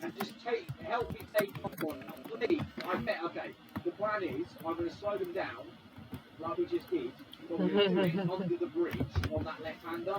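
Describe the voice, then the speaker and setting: A man giving excitable live commentary over a racing game he is playing. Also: sits high, moderate pace. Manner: excitable, exclaiming at the action. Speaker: gaming commentator. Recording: distant mic under loud game noise. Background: loud racing game engine sounds.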